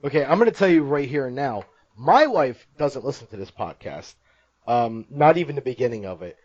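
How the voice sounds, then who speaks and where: A man hosting a casual podcast, talking in long rambling runs and breaking into laughs at his own jokes. His voice sits at an average pitch. The recording is dry and a bit muffled. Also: animated, brisk, a little mellow, no room sound. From Italian-American family. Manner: rambling, laughs often, jokey. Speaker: podcast host.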